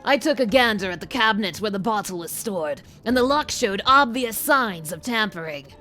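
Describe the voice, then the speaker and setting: A woman voicing a tough-talking male inspector, trying a gravelly New York accent with hard-boiled slang. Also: mid-range voice, lively intonation, sharp tone, soft background music, voice pushed down. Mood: gruff. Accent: attempted New York. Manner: hard-boiled detective slang, slow and clipped. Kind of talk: reading game dialogue aloud in a put-on voice.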